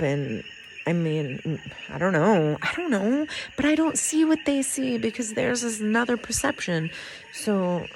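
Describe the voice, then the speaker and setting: A woman's voice: lowish voice, slight background noise, low-quality recording. A woman vlogging to the camera in an earnest, rambling way, laughing often as she talks through her feelings. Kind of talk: heartfelt personal talk to camera. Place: in Puerto Rico.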